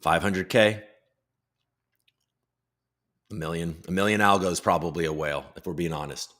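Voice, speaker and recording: A man's voice: deep voice, fairly even intonation, normal speed, fairly bright tone. A tired man in his thirties hosting a live podcast stream, chatting loosely and reading out viewer comments. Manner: loose, rambling, reads chat aloud. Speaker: podcast host. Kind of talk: casual live-stream chat.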